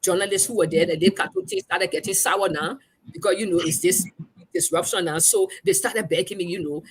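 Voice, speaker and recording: A lowish, husky voice belongs to this woman journalist guest, who speaks a little fast with a Liberian English accent. Animated, she acts out the quoted voices while telling a story in conversation.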